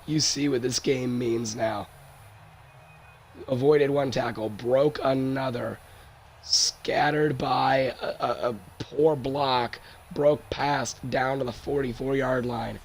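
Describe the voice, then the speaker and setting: Hoarse young man calling a football game. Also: slow, slight background noise. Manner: excitable, voice cracks high on big plays. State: hoarse, voice worn out. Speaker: play-by-play commentator of a simulated football league. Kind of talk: solo sports commentary over a video game.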